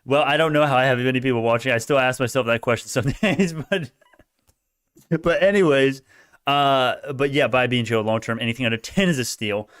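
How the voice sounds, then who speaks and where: A man streaming live stock commentary, chatting with viewers, swinging between mumbled asides and loud cheering, arguing back at comments and laughing often. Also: mid-range voice, fairly quick, smooth.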